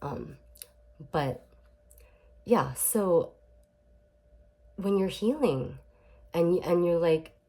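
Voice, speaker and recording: A woman with a low voice talks straight to camera in a loose, chatty way. She restarts her sentences often, leans on fillers, and drops in emphatic swearing. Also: animated, drawn-out words, pauses often, dark tone. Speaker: self-help vlogger. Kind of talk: casual talk to camera.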